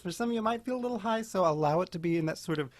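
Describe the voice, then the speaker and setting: A man teaching an online beginning singing class, guiding breathing and posture and demonstrating vocal warm-ups in a playful, encouraging way. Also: sits high, lively intonation, very fast. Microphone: home video call mic. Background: keyboard accompaniment.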